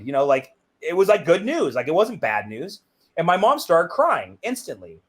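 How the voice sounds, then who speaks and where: Middle-aged male interview guest, lively storyteller, slightly high voice. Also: quick pace. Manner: animated, acts out quoted dialogue with big pitch jumps.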